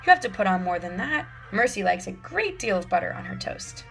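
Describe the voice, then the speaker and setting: A woman voicing a cheerful, motherly woman who talks in a gentle, soothing, doting way. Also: mid-range voice, very animated, fairly quick, creaky, faint music behind. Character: sweet, cheerful motherly woman, fussing kindly.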